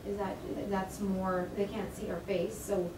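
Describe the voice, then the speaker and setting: A woman's voice: mid-range voice, level tone, unhurried. A woman attending a seminar, asking a hesitant question from the class. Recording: distant voice in echoey room with noise.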